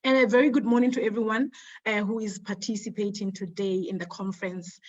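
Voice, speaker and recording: A woman from Lesotho giving a conference talk over an online call, measured and formal. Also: medium pitch, steady tone, a little mellow. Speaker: conference speaker. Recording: dull lo-fi sound.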